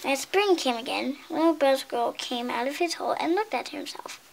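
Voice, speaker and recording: High, lively woman reading a story. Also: a little fast, creaky, a little hiss or hum. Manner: expressive read-aloud with slips and asides. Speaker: storybook reader. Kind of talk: reading a picture book aloud.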